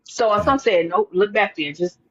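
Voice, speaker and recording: A woman telling a lively personal story in an interview, acting out her own thoughts and the other people's words. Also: medium pitch, moderate pace, lo-fi sound. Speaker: interview guest. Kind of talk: animated storytelling.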